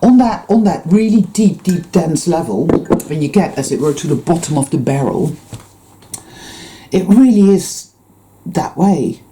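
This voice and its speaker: A woman's voice: sits low, animated, a little slow, background noise. A woman giving an intense, rambling spiritual monologue to her viewers, full of swearing. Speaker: spiritual vlogger.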